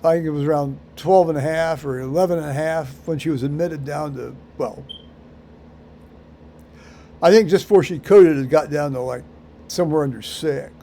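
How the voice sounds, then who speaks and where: A man's voice: on the high side, a little hiss or hum. Rambling man vlogging alone. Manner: halting, many fillers and restarts; dry dark humor. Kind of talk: rambling solo monologue.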